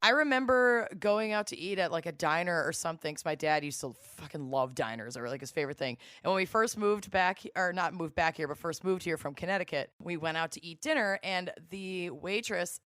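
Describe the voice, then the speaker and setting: Woman, podcast guest, frank, laughs easily, lowish voice, dry close mic. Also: quick pace, few pauses, a bit bright, no echo. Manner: frank, laughing, swears casually. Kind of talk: casual chat.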